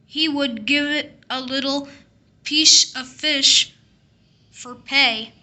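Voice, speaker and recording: Slow, bright-voiced woman reading a storybook. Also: sits high, steady tone. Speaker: storybook reader. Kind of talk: reading a picture book aloud.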